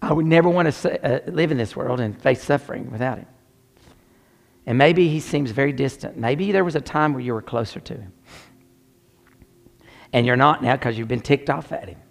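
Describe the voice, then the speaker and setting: A man's voice: medium pitch, normal speed, creaky, long pauses. A man preaching a sermon, telling a personal story with dramatic shifts down to near whispers. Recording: long hall reverb.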